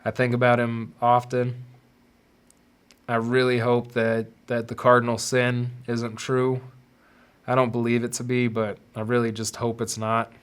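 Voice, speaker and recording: Halting male podcast host opening up. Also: medium pitch, completely flat delivery, clean tone. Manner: halting, repeats words while searching for them. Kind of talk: confessional personal monologue.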